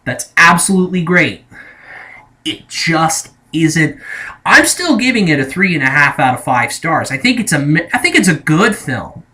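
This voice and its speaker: A man's voice: on the high side, sing-song, normal speed, pushed and bright. A young man talking casually as a movie reviewer, rambling and hesitant, often correcting himself mid-sentence. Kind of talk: casual spoken movie ranking.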